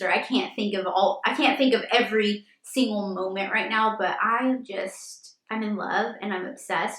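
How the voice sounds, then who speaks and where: A woman's voice: on the high side, fairly bright tone. A woman in her thirties, a first-time mom, answering viewer questions in a chatty vlog, filling her talk with frequent "like"s. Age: 30s. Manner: chatty, filler-heavy with frequent "like". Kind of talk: casual Q&A vlog. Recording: echoey room.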